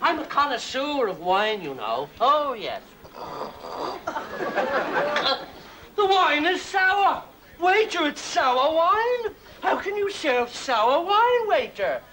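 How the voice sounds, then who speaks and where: A man's voice: very high-pitched, heavily acted. A man playing an overbearing, lonely dinner guest who chatters and shows off in a 1970s TV comedy sketch. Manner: chatty, bossy, full of jokes and sound effects. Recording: studio audience laughter, broadcast noise.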